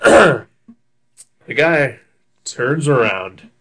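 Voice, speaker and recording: A young man co-hosting a casual talk show tells a long, rambling story in a medium-pitched, sharp-toned voice. He draws out words and leaves long pauses, with lots of fillers, frequent laughter, and free swearing.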